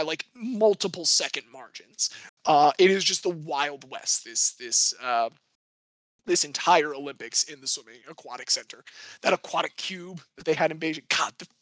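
A man with a fairly high voice co-hosts a casual sports history podcast, talking in a rambling, jokey way and correcting himself as he goes. The sound is dry and close, with no room around it. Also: sharp tone, dry recording. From United States. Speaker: podcast co-host.

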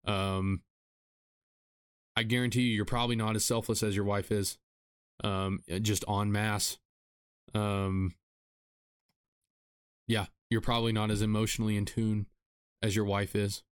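A man hosting a solo podcast, talking earnestly in a repetitive, self-deprecating way and sounding tired after a rough week. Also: fairly low pitch, little pitch movement, unhurried, long pauses. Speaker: podcast host. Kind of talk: solo podcast advice monologue.

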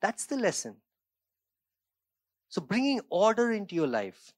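A man's voice: high voice, sing-song, unhurried, no echo. Earnest man preaching with emphatic bursts. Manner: earnest, emphatic preaching with frequent "right?" and "okay?" asides; shifts between quiet reflective stretches and raised emphatic bursts. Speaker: pastor. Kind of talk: sermon.

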